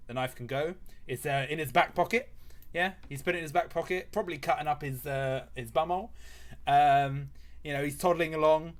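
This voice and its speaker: A man telling a comic story on a live stream while drawing, rambling with many fillers and swearing. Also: mid-range voice.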